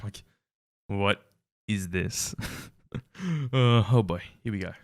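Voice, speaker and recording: A man's voice: lowish voice, slow pace, vocal fry, noisy background. A man hosting a casual reaction commentary, wry and incredulous, laughing often. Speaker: reaction video host.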